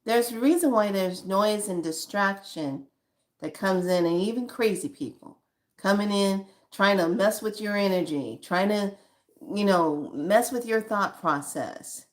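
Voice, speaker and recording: A woman's voice: medium pitch, unhurried. Emphatic woman giving spiritual guidance. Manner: emphatic, conversational, calls listeners honey. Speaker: spiritual guide.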